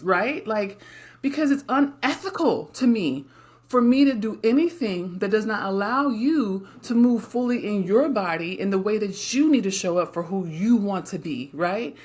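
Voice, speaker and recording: A woman's voice: medium pitch, animated, moderate pace, a little mellow. Emphatic, candid middle-aged woman co-host. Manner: emphatic and candid, frequent tag questions. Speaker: podcast co-host. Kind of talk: casual podcast conversation.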